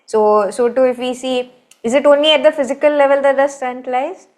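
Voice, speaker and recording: A woman's voice: high-pitched, steady tone, brisk, a little mellow. A woman with an Indian English accent, a spiritual teacher telling a scripture story in a conversational way with many asides.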